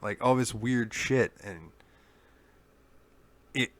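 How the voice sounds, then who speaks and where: A man's voice: medium pitch, slow pace, a bit bright, no echo. A man co-hosting a gaming podcast, telling a long story in casual chat and swearing freely. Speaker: podcast co-host.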